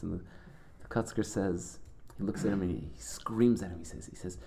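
A man teaching a Torah class, telling Hasidic stories in a conversational, halting way peppered with Yiddish and Hebrew terms. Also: low voice, dark tone.

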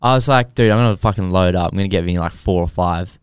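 A young man co-hosting a casual podcast chat, swearing a lot and getting excited. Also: low-pitched, fast talker, smooth, no room sound, clean studio sound. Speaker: podcast co-host.

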